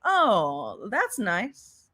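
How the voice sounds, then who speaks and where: A woman's voice: medium pitch, huge pitch swings, drawn-out words, pushed and bright. A woman hosting a reaction commentary, talking in a sarcastic, mocking way. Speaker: commentary channel host.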